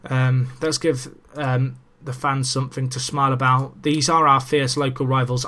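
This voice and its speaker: A man's voice: mid-range voice, normal speed, few pauses. Chatty man commentating a game. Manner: chatty, excitable, self-mocking. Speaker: gaming commentator. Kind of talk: let's play commentary. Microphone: desk microphone.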